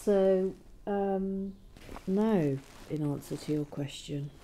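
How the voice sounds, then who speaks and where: A woman's voice: medium pitch, takes it slowly, mellow, a little hiss or hum. A woman hosting a building-toy vlog, chatting casually and rambling with many fillers while she builds. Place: cold room at home.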